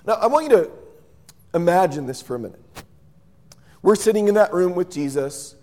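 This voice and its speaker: Guy preaching a sermon, kinda high voice but mellow, acts out the story, asks the crowd stuff. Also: normal speed, long pauses. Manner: lively storyteller, acts out scenes and quizzes the audience. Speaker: pastor.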